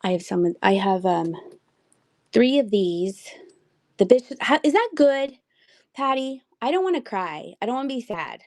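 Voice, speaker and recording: Rambly woman selling knickknacks on a stream at home, bit of vocal fry, reads the chat out loud. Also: mid-range voice, very animated, unhurried, no room sound, clean studio sound. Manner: rambling, reads out viewer comments. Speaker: livestream seller. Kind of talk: casual live-selling chat. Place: home room with shelves.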